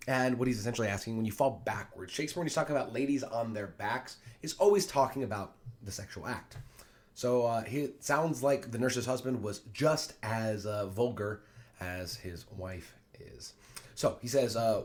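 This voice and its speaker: A man's voice: lowish voice, moderate pace. A man teaching a play line by line, reading quoted lines in raised voices and then explaining them plainly.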